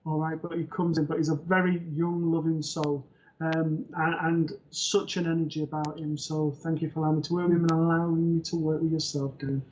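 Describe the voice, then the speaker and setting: A man co-hosting a live psychic medium show, giving readings in a gentle, reassuring, unhurried way with soft hesitations. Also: on the high side, level tone, slight background noise. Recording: dull lo-fi livestream audio.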